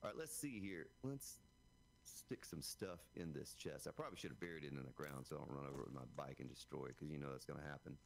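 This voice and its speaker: A man's voice: very deep voice, quick pace, vocal fry, slight background noise. A man streaming a game live, chatting to his viewers as he plays and talking into a broadcast microphone. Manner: chatty, talks straight to viewers as folks. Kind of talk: live gameplay commentary. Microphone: broadcast dynamic microphone.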